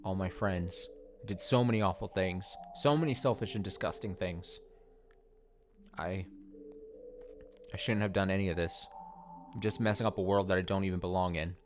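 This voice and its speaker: A man's voice: deep voice, normal speed, long pauses, faint music behind, lightly acted. Heartbroken game girl, as a man reads her lines. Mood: pleading. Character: heartbroken young woman, a game character. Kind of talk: reading game dialogue aloud.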